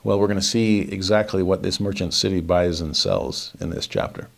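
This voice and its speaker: Male scripture teacher, low voice, reflective, asks rhetorical questions. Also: fairly even intonation, moderate pace, gravelly. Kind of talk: verse-by-verse Bible lesson.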